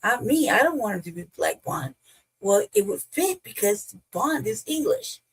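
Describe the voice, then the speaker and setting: A woman's voice: a little high, normal speed, husky, poor audio. A woman co-hosting a show, ranting bluntly and with heavy swearing in casual chat. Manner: blunt, profane, animated ranting. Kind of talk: casual reaction commentary.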